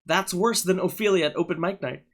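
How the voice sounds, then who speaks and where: A man's voice: high voice, a little fast, a bit bright. A man streaming live, chatting casually and irreverently while reacting to clips on a studio microphone. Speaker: livestreamer.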